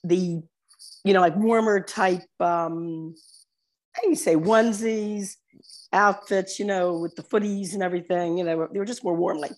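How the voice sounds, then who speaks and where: A woman's voice: on the low side, steady tone, moderate pace, a little mellow. A woman chatting casually as a guest, rambling through stories and laughing easily. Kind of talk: casual chat and joke telling.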